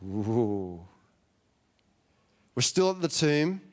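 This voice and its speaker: Man preaching, casual and chatty, asks questions, medium pitch, long hall echo. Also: normal speed. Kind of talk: conversational sermon.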